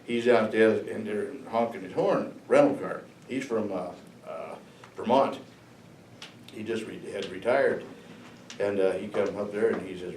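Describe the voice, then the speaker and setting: Older male veteran in his sixties, lowish voice, rambling chuckling storyteller, roomy echo, mic far off. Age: 60s. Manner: rambling, chuckling, halting with fillers. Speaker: veteran speaker. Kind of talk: storytelling to students. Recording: echoey room, distant mic, faint noise.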